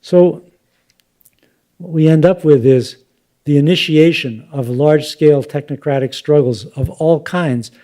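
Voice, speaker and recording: An older man giving a relaxed academic lecture, thoughtful and unhurried, with fillers and asides. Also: fairly high pitch. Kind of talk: public lecture with slides.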